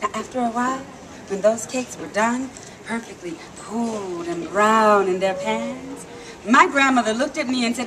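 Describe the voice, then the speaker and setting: A woman telling a story live to an audience, lively and coaxing the crowd to call back. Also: fairly high pitch, normal speed. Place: outdoor theme park stage. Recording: noisy live outdoor recording.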